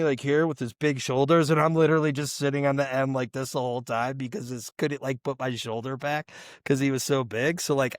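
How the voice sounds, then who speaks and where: A man's voice: medium pitch, no echo. Rambling casual man, dry close sound. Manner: rambling, loose storytelling with fillers and profanity. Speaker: podcast co-host. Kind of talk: casual chat.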